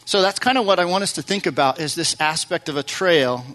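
Man, pastor, chatty sermon, slightly high voice, crisp bright tone. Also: a little fast. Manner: conversational storytelling with fillers and restarts.

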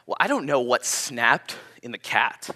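A young adult man, a pastor, preaching a sermon in a conversational, animated storytelling way. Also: mid-range voice, a little slow.

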